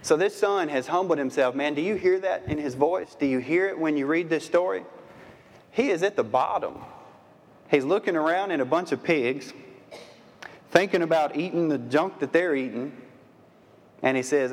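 A man's voice: a little high, moderate pace, long pauses. Guy preaching, chatty folksy style, keeps asking the crowd questions, big echoey hall sound. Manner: asks the audience many rhetorical questions. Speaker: pastor. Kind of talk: sermon. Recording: long reverb of a large hall.

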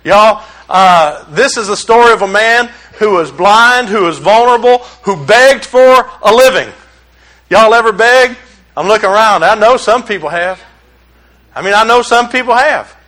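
A male preacher, delivering a sermon with call-and-response, rising to shouts and dropping to a hush. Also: high-pitched, lively intonation, moderate pace.

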